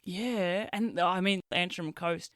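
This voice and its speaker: A woman hosts a relaxed interview, trading anecdotes and laughing easily. Her voice is smooth and clear, recorded close and dry. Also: lowish voice, slow, no echo. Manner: warm, anecdotal, laughs often. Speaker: podcast host. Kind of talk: casual interview chat.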